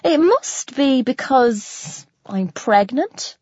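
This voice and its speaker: A woman's voice: a little high, big pitch swings, unhurried, a bit bright, dry recording, lo-fi sound, exaggerated voice. A woman playing a chatty, gossipy teenage girl in an audiobook, talking in gushing, filler-heavy chatter.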